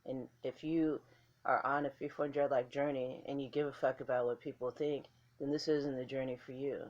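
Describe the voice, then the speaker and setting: A woman's voice: rumbling low, little pitch movement, moderate pace, darkish tone, muffled recording. A woman vlogger talking casually to camera in a blunt, candid way, swearing freely.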